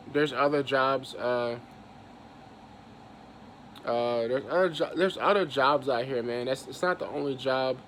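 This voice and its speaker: A young man rants about his job, cursing and tripping over his own words. His pitch sits in the middle for a man. A faint hum runs behind his voice. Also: fairly bright tone. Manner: heated, profane, repeats himself. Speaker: vlogger venting about work. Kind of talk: angry casual rant.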